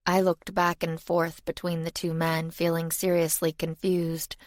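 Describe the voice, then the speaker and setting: Low-voiced woman narrating a fantasy audiobook. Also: level tone, unhurried, hardly any pauses, no room sound, clean studio sound.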